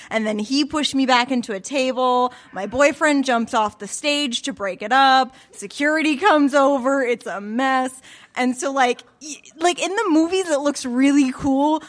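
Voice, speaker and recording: A woman telling a personal story at a live open mic in a small cafe, chatty and conversational, with plenty of filler words, into a stage microphone. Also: sits high. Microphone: stage microphone on a stand.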